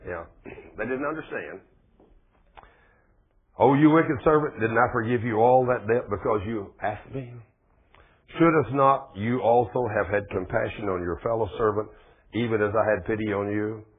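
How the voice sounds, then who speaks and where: Folksy preacher on tinny radio. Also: male voice, on the low side, normal speed, slightly rough. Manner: folksy, asks the congregation questions. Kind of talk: folksy sermon. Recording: tinny phone-like radio broadcast.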